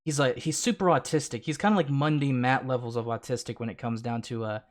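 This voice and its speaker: A man's voice: mid-range voice, fast talker. Sarcastic man who laughs a lot. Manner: laughing often, stammering, sarcastic. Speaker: streamer. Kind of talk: casual reaction commentary.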